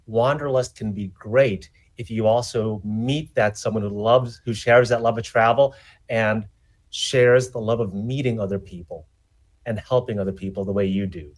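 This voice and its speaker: A man's voice: steady tone, moderate pace, close to an everyday voice. A man voicing an eager young male dating-show contestant giving a promo, over a video call. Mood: earnest. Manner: wordy, hesitant pitch.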